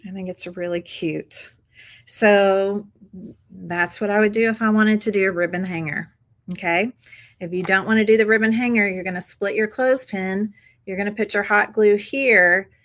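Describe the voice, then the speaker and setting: A woman's voice: medium pitch, steady tone, moderate pace, fairly bright tone, low-quality recording. Chatty woman hosting a craft tutorial. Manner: chatty, upbeat, addresses viewers as "you guys". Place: craft table indoors.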